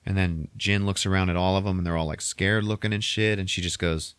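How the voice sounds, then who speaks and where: A man casually recapping a movie on a podcast, swearing constantly and acting out the characters in quick voices. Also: sits low, steady tone, fairly bright tone, clear, resonant tone, dry recording.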